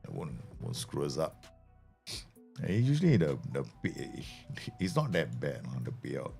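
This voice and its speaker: A man's voice: sits low, wildly swooping pitch, measured pace, gravelly, a bit bright, husky, soft background music. A man giving chatty, jokey live commentary as he streams a game.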